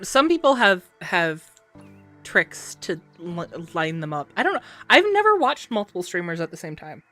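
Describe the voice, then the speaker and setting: A woman's voice: lowish voice, sing-song, moderate pace, sharp tone, faint music behind. A woman streamer chatting casually while gaming, telling stories and laughing often. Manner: giggly, chatty storyteller.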